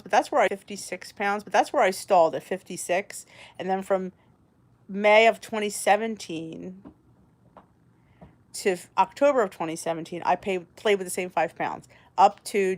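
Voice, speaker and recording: A woman in her forties hosting a casual chat, talking in a rambling, candid way. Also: mid-range voice. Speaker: host.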